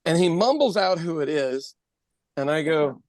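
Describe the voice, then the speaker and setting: A man in his fifties from Ireland, a podcast co-host telling stories in casual chat, animated and swearing freely, acting out other people's lines. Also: fairly high pitch, normal speed, no room sound. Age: 50s.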